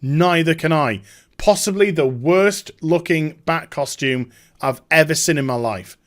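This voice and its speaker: A man's voice: on the high side, unhurried, a bit bright. A man giving sarcastic, mocking commentary as a video host, swearing casually as he talks. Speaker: YouTube commentator.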